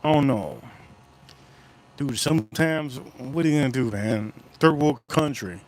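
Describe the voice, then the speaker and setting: A man's voice: medium pitch, animated, measured pace. A man hosting a casual livestream, rambling through stories, swearing casually and repeating himself as he talks. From United States. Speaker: whiskey livestream host.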